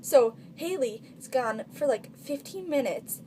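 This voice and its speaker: A woman's voice: sits high, expressive, a little slow, warm tone, a little hiss or hum. A teenage girl telling funny stories in a casual vlog, chatty and full of filler words. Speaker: vlogger.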